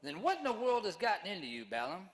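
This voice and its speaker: A man's voice: high-pitched, huge pitch swings, quick pace, crowd noise. A man voicing a cheeky, indignant male donkey who scolds his rider, performed live in a church. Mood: scolding. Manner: sassy, scolding. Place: church auditorium, live on stage. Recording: long reverb of a church hall.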